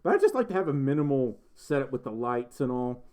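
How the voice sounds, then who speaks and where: A man's voice: medium pitch, very animated, a little fast, warm tone. A young man hosting a casual livestream, reading viewer messages aloud in a rambling, giggly way full of ums and restarts. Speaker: livestream host.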